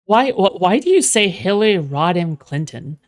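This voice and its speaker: A woman's voice: on the low side, sing-song, normal speed. A woman streamer mocking a clip in casual, sarcastic reaction commentary.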